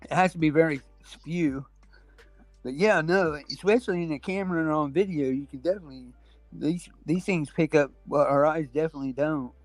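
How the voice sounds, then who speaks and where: Brief: man, casual chatter, reflective and hedging, slightly high voice, dry close sound, faint music behind. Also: brisk, no room sound. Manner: reflective, hedging, talks about spirit beliefs. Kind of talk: casual chat.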